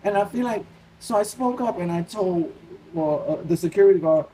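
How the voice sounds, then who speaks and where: A man with a New York accent tells a story to his viewers, animated and full of restarts as he replays his own worried thoughts. His voice sits high for a man, with a mellow, soft-edged tone. Faint noise hangs under the recording. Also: brisk, low-quality recording. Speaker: Christian vlogger. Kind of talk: casual personal storytelling.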